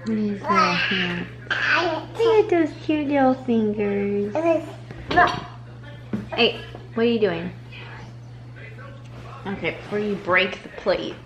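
A woman's voice: mid-range voice, lively intonation, slow, long pauses. A woman filming a home vlog, talking in sing-song baby talk to her toddler and chatting to viewers. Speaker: vlogger mom.

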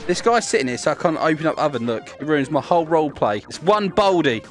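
Young man, gaming host, high voice, lively swoops, giggly, teasing, faint music behind. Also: fast talker. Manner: giggly, teasing, laughs often. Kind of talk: playful gameplay commentary.

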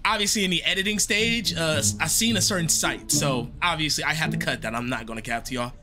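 A young gaming streamer with a fairly high voice gives quick, laid-back, slangy commentary that rambles as he plays a horror game, with music underneath.

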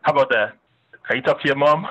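A man's voice: mid-range voice, fast talker, pushed and bright, muffled recording. A man teaching a web design class, chatting and thinking aloud as he demonstrates on screen, with the odd joke for his students. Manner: joking with students. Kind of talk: casual screen-share lecture.

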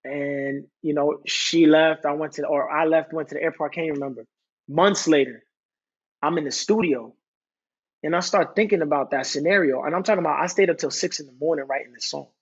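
Husky, earnest man telling his story. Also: on the high side, a little fast, muffled recording. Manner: earnest, rambling, reciting his own lyrics. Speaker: podcast guest, singer-songwriter. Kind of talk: candid personal storytelling.

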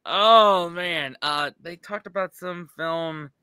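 A man with an American accent, hosting a reaction video in casual, halting commentary. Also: high voice, pushed and bright, clean tone, no room sound, clean studio sound. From United States. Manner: chatty, halting with restarts. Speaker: reaction channel host.

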